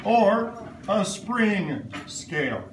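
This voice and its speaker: A middle-aged man leads a classroom science lesson, firing playful questions at the class and waiting for them to answer back. His voice sits high for a man. Steady classroom noise hums behind him. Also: drawn-out words, roomy sound, distant mic. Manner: call-and-response questioning, playful. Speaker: science teacher. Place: elementary school classroom.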